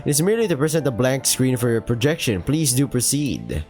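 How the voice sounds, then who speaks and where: A man's voice: mid-range voice, sing-song, fairly quick, a little mellow, soft background music, natural voice. A man voicing a blunt, lecturing middle-aged male therapist in a game playthrough.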